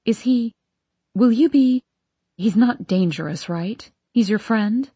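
A woman's voice: fairly high pitch, mellow, breathy edge, dry recording, dull audio. Woman voicing a worried, hesitant woman. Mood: uneasy. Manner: halting, uneasy.

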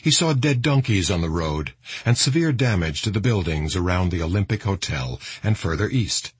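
A male audiobook narrator with a low, very husky voice reads in a grave manner. His delivery rises and falls with lively intonation. The recording is close and dry. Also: normal speed, no room sound.

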